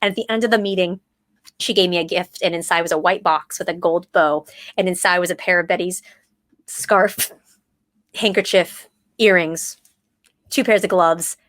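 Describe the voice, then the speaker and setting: An American woman, an actress and playwright in her thirties, telling a story in a casual, animated way and quoting herself and others with lively jumps in pitch. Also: normal speed, pauses often, no room sound. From United States.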